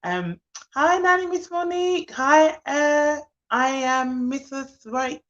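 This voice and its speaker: A woman's voice: high voice, takes it slowly. A woman who works as a nanny and childcare expert, hosting a casual live stream and sounding sleepy. She chats easily, greets her viewers by name and laughs often. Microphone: phone or laptop for a live stream. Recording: dull lo-fi live-stream audio.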